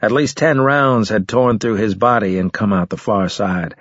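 A man reading a first-person story aloud in a steady, measured way with grim weight. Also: on the low side, no room sound, highs cut off. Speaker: audiobook narrator. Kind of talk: first-person scripted narration.

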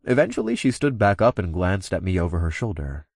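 A man's voice: deep voice, animated, brisk, darkish tone, no echo, clean studio sound. A young man narrating a first-person audiobook in an easygoing, lightly amused way, also speaking the narrator's own lines.

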